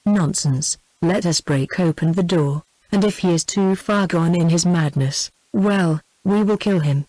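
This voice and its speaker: A woman's voice: on the low side, measured pace, dark tone, no echo, low-quality recording. A synthetic British female voice reading the lines of an angry, thirsty male traveler, with no change from her narrating voice. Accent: British English.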